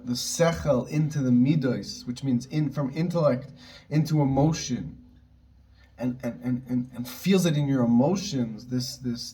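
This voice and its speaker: A man giving an earnest, excitable Torah lesson, often restarting his phrases as he builds toward his point. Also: mid-range voice. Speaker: Torah teacher.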